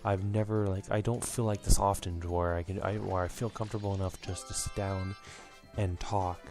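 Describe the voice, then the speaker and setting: A man's voice: sits low, a little mellow. A young man hosting a let's play, rambling and reminiscing through his commentary with lots of fillers, a bit out of breath.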